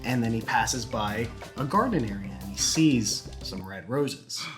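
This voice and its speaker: A man's voice: medium pitch, expressive. A young man in the middle of his range rambles through a shaggy-dog joke, giggling and acting out bits of dialogue. Faint music sits behind his casual storytelling. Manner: rambling, giggly, acts out characters in quick snippets. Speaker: YouTube host telling a joke.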